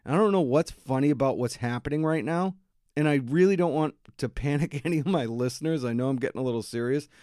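A man's voice: mid-range voice, fast talker, a little mellow, no echo, studio quality. A man with a Boston accent hosting a podcast, telling an angry story in a heated, profane, indignant monologue. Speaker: podcast host.

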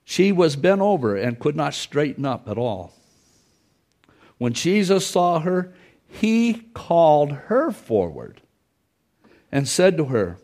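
A man's voice: fairly high pitch, big pitch swings, takes it slowly, pauses often, a little mellow. A man preaching a sermon in a church, folksy in manner, who repeats his phrases and acts out the scripture quotes. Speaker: pastor.

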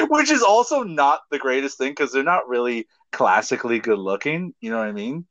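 A man's voice: medium pitch, very animated, moderate pace, a bit bright. A man co-hosting a casual chat, giggly and profane, slipping into jokey impressions. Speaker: podcast co-host. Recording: dull lo-fi sound.

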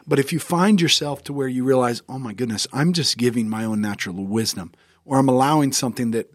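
A man's voice: mid-range voice, a little fast, no echo, clean studio sound. A man co-hosting a casual faith podcast, reflecting and checking in with "right?". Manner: reflective, with frequent "right?" asides. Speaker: podcast co-host.

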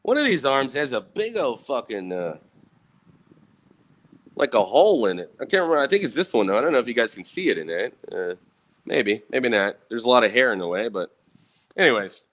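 A man's voice: mid-range voice, big pitch swings, a little fast, fairly bright tone. A young man telling rambling, profane stories to his viewers in a casual storytime, often tagging "right?" onto his sentences. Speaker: vlogger.

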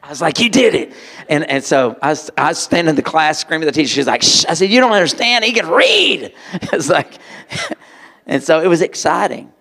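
A man preaching to a live audience, telling a personal story in an animated way and acting out voices. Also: mid-range voice. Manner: animated, acts out voices, sudden loud outbursts. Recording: long hall reverb.

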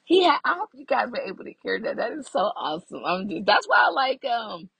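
Recording on her phone in the car, a podcast host chats casually with listeners while she drives, her dry-sounding voice a little high and a little fast, husky with vocal fry. She's animated and talkative, addressing everyone as y'all.

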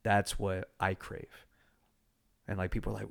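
Brief: young male podcast host, lowish voice, blunt and profane, animated storyteller. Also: normal speed, vocal fry, pauses often. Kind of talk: casual chat.

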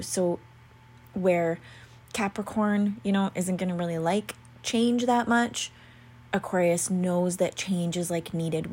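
Breathy, low-voiced woman talking astrology. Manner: rambling, fills speech with "like" and "you know"; drops into soft whispery asides. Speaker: astrology content creator. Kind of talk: casual chat.

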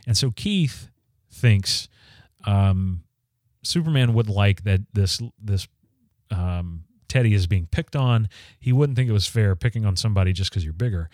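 A man's voice: on the low side, measured pace, a little mellow, no room sound, studio quality. A man hosting a podcast, recapping a comic story in a casual, conversational way with frequent ums and restarts. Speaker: podcast host reviewing comics. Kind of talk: casual spoken review.

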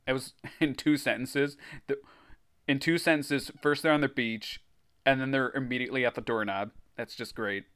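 Smooth and a bit bright, the man's mid-range voice holds a steady tone at a moderate pace. He hosts a podcast and reads a children's horror story aloud, pausing for laughing asides laced with swearing.

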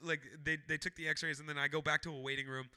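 A young man hosting a podcast, telling a story in a casual chat, animated and swearing a lot, loudly acting out what he said. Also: fairly high pitch, quick pace, clear, resonant tone. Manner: animated, swears often, shouts when quoting himself. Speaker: podcast host.

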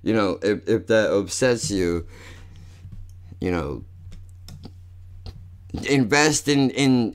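A man ranting casually and rambling, swearing a lot and saying "dude" all the time. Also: lowish voice. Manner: profane, rambling, says "dude" constantly.

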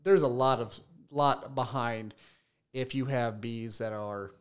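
This man speaks slowly and clearly in a medium-pitched, resonant voice. A beekeeper and bee business owner, he's casually interviewed on a podcast and tells stories with many false starts and repeated words.

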